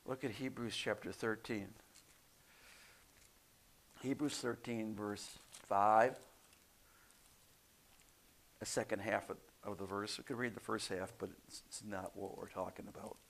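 A man leading an informal Bible study, emphatic and laughing easily, swinging from quiet talk to loud stress. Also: lowish voice, fairly even intonation, a little slow, vocal fry, pauses often, a little hiss or hum.

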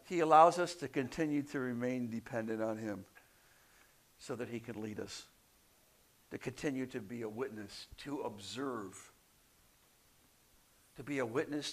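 A man leading an informal Bible study, emphatic and laughing easily, swinging from quiet talk to loud stress. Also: medium pitch, measured pace, pauses often.

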